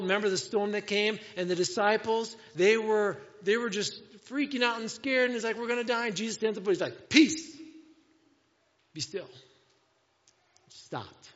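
A man preaching a sermon as a pastor, emphatic, with rhetorical questions, dropping to a hush and then rising sharply in volume. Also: sits high. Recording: long reverb, dull lo-fi sound.

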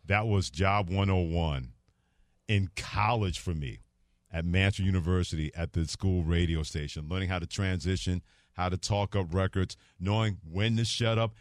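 A man's voice: low voice, normal speed, no echo, studio quality. A middle-aged man hosting a sports radio talk show, telling stories animatedly and laughing easily. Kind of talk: casual radio chat. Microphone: studio microphone.

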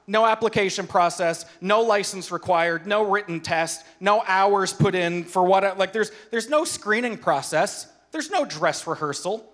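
A man, a pastor preaching a sermon, telling personal stories in an animated, self-deprecating way. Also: high-pitched, normal speed, few pauses.

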